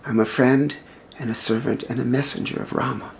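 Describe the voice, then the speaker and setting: Guy doing a soft, reverent monkey warrior, calm and devoted. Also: medium pitch, fairly quick, creaky, pitched below the performer's own voice, close to an everyday voice.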